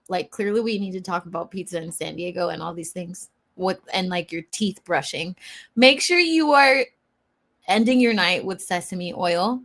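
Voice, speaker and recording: A woman's voice: mid-range voice, a bit bright. A woman hosting a casual livestream, chatting and laughing often as she reads viewers' comments aloud, sometimes talking with food in her mouth. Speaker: livestream host. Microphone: eating while talking on a livestream.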